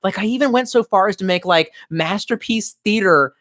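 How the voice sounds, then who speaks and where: A man's voice: high-pitched, moderate pace, a bit bright. A man casually chatting on a livestream, reading viewers' comments aloud, rambling and swearing freely while sipping vodka. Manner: profane, rambling, tipsy with vodka. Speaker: streamer reading live chat.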